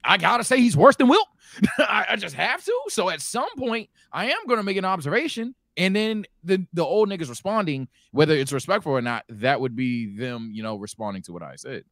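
A man co-hosting a podcast in casual, profane debate, swinging between mumbled asides and loud outbursts. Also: on the high side, animated, fairly quick, hardly any pauses, no room sound, studio quality. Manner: profane, slangy. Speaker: podcast co-host.

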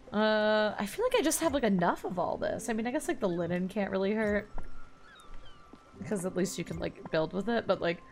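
A young woman chatting casually as she plays a video game, fretting aloud and humming along. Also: on the low side. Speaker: let's play streamer. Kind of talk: casual gameplay commentary.

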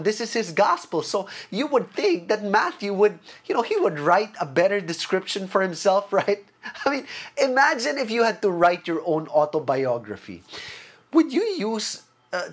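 A preacher reading scripture aloud and talking to the audience in a conversational way, asking them questions. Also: medium pitch. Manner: conversational, asks the audience questions, light laughs.

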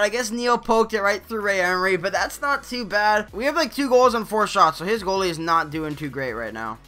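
Bright-voiced young man calling gameplay. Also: brisk, hardly any pauses, soft background music. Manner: casual, swings between loud outbursts and low mutters. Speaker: gaming channel host. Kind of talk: live gameplay commentary.

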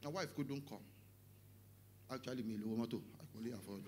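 A middle-aged Nigerian pastor with a Yoruba-tinged English accent, preaching an animated sermon, often shouting, joking and slipping into Yoruba. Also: male voice, mid-range voice, fast talker, a little hiss or hum.

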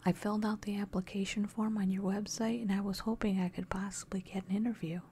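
A woman's voice: medium pitch, level tone, fast talker, warm tone, slight background noise, close to an everyday voice. A woman voicing a nervous, polite young male rookie detective in a whispered role-play. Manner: stammering, polite.

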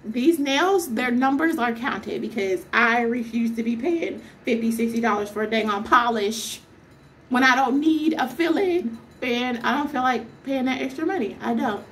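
A woman's voice: on the high side, slight background noise. A young woman vlogger telling a story as a casual rant, exasperated and emphatic, firing off rhetorical questions.

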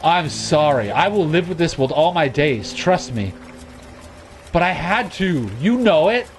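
A man giving let's play commentary, excitable, shouting and swearing at the screen as he plays. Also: fairly high pitch, unhurried, a little hiss or hum. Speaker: gaming channel host. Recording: game music playing under the voice.

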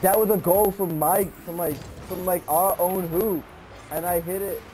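A man with a slightly high, mellow voice talks through a headset mic during casual gameplay. He sounds exasperated and mock-angry, swearing and teasing a teammate. A faint hiss sits under his voice. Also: steady tone, moderate pace. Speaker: gamer.

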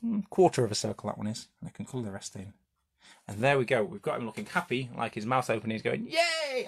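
A man talks children through a drawing lesson in a playful, chatty way, tossing out questions and goofy sound effects. His pitch bounces around a lot, and his voice has a slightly husky edge. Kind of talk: live drawing lesson for kids.

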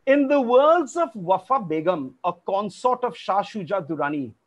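A man's voice: sits high, sing-song, normal speed, highs cut off. A man hosting an online family quiz over a video call, formal and polite, calling players sir. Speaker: quizmaster.

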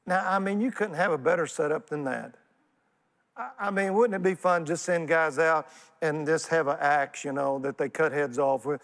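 Animated Texan pastor preaching in a hall. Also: male voice, on the high side, moderate pace. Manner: folksy, animated preaching with call-and-response. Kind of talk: sermon. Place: church sanctuary. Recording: church hall reverb.

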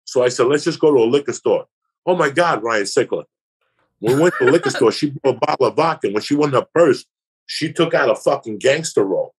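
A man with a rough, gravelly voice and a breathy, husky edge tells a long, crude story as a podcast guest. He rambles and swears, and he slips into quick impressions of the people in it. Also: medium pitch, lively intonation. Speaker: comedian guest telling a story.

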